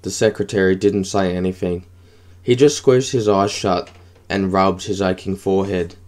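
A man narrating an audiobook in a steady, even reading. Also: low-pitched, moderate pace.

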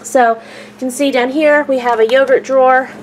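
A woman's voice: sits high, fairly even intonation, moderate pace, slight background noise. A woman casually narrating a family vlog, chatty and upbeat with frequent fillers. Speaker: vlogger, mother of a large family.

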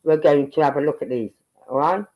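A woman's voice: low voice, a little fast, dull audio, a little hiss or hum. A woman from England with a Birmingham accent, chatting casually on a livestream and thinking aloud as she goes. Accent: Brummie (Birmingham). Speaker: livestream commentator.

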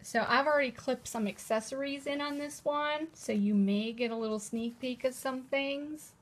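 A woman's voice: sits high, moderate pace. Gushing, chatty woman showing off products. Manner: gushing, chatty, repeats "how cute is that". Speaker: host presenting new planners. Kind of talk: casual live-stream product showcase. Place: indoors at a table at home. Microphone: camera in a holder on the table.

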